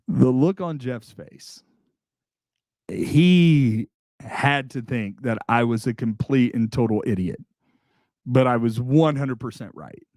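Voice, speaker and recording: A chatty man tells a casual, self-mocking anecdote, circling back and repeating himself as he goes. His voice sits at an ordinary middle pitch. The sound is dry and close, with no room echo. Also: takes it slowly, long pauses, a little mellow. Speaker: salesman telling a work story. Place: indoor room.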